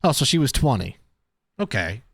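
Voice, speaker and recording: A man's voice: mid-range voice, very animated, moderate pace, gravelly, breathy edge, dry recording, clean studio sound. A man giving casual reaction commentary on a video, chatty and thinking aloud as he talks. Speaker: reaction streamer.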